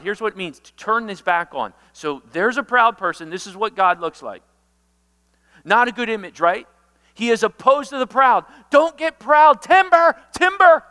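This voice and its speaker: Man, pastor, sermon, high voice, unhurried delivery, shouts for emphasis, echoing church. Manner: dramatic, shouts key words, acts out quotes.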